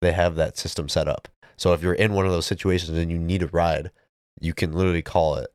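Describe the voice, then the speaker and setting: A man's voice: sits low, fairly even intonation, fast talker, a little mellow, clean tone, dry recording, clean studio sound. A man co-hosting a podcast, chatting casually and reading out news details with filler words. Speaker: podcast co-host. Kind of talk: casual chat.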